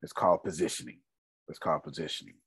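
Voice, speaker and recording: A man hosting a group call as a business coach, animated, laughing often and repeating his key points. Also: rumbling low, fast, vocal fry, breathy edge, no room sound, clean studio sound.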